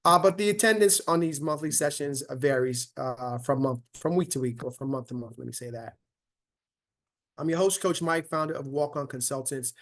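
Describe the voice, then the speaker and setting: A man's voice: medium pitch, normal speed, a bit bright. A man hosting a casual online investing lesson as a financial coach, upbeat and checking in with listeners with a frequent "right?".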